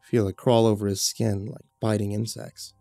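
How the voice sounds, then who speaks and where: A man's voice: fairly low pitch, moderate pace, vocal fry, no room sound. Guy telling a creepy story, dry close sound, faint music underneath. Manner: steady, dramatic storytelling. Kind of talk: scripted horror narration.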